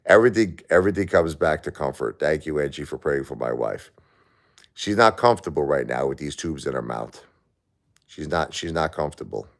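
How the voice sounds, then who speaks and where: A grieving man talking to his viewers on a live stream, halting and repeating himself. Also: extremely low pitch, animated. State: grieving, stressed. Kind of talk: emotional live-stream chat.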